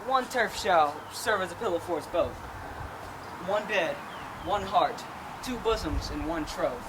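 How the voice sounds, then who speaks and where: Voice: medium pitch, animated, measured pace. An actor playing Lysander, an ardent young nobleman. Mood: tender. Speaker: stage actor. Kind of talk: outdoor Shakespeare stage acting. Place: outdoor town square. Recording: outdoor performance with background noise.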